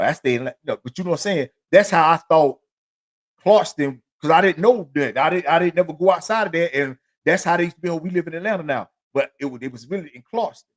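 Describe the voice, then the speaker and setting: A middle-aged man telling his life story on his own podcast, rambling and profane, full of filler phrases. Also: on the high side. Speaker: podcast host. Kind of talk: solo storytelling monologue.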